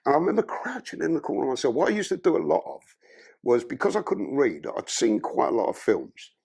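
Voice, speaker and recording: Gravelly, husky man. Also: on the high side, big pitch swings, fairly quick, darkish tone. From London. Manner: blunt, profane storytelling. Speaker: podcast guest. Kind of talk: candid life-story interview.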